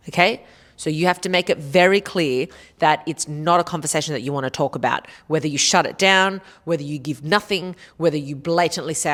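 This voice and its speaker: A woman's voice: low voice, fairly bright tone. A woman hosting a podcast, giving blunt, casual advice with plenty of swearing and sarcasm. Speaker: podcast host answering listener questions.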